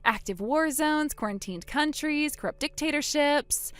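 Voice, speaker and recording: A woman voicing a calm, vengeful young woman who coldly springs a trap on her sister in a text-story drama. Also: high voice, a little slow, no room sound. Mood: cold triumph. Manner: cool, quiet, coldly sarcastic.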